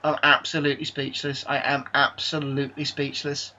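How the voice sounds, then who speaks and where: A man giving live commentary over his own football video game session, excitable and exasperated one moment, calmly running through his team the next. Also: fairly high pitch, moderate pace, slight background noise. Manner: excitable, exasperated, swings between disbelief and calm team talk. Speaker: gaming YouTuber. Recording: slightly dull lo-fi mic.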